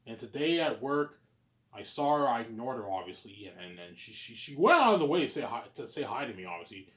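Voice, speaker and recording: A man talks through a casual vlog monologue, rambling and repeating himself as he stammers into each thought. His voice sits at a mid pitch and swings from loud, excited bursts down to low mutters. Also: brisk. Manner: rambling and repetitive, with frequent stammered restarts. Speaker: vlogger. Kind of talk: casual monologue, answering his own questions.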